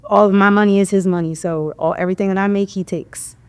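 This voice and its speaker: A woman's voice: medium pitch, steady tone, fast talker, clean tone. A woman guest on a podcast telling a personal story, speaking candidly and reflectively.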